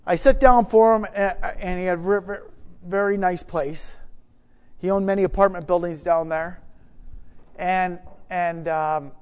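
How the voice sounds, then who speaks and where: A man preaching, telling a story with many restarts, swinging from hushed to loud. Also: sits high, unhurried, smooth. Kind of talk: sermon storytelling.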